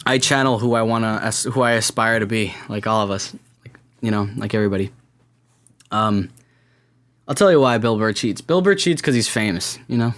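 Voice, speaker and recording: A man's voice: fairly low pitch, normal speed, fairly bright tone. A man hosting a solo podcast, rambling in a self-deprecating way with lots of fillers and restarts. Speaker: podcast host. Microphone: camera-recorded podcast setup.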